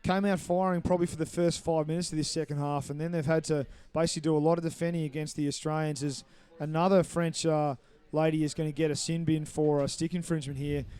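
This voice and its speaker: A man giving live play-by-play commentary on a match, brisk and explanatory, walking listeners through the referee's calls. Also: a little high, mellow, smooth. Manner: brisk, explanatory, apologetic over names.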